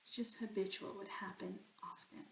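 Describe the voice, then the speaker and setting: A woman's voice: mid-range voice, steady tone, a little fast, fairly bright tone, roomy sound, a little hiss or hum, poor audio. A woman teaching a recorded grammar lesson, explaining patiently step by step. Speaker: Spanish teacher.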